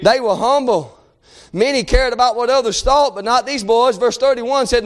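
A man preaching a sermon with a very high, piercing voice. He delivers it fervently, rising to shouted pleas and then dropping to low, quiet passages. His phrasing stays folksy and informal. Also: moderate pace.

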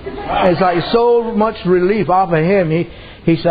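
A man's voice: high-pitched, measured pace, dull audio, a crowd in the background. A man preaching a sermon in a folksy, colloquial storytelling way.

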